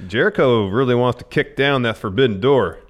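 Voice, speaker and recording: A man's voice: medium pitch, brisk. Laid-back man reading wrestling news. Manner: laid-back, reads news items aloud. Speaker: podcast co-host. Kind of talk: casual news chat.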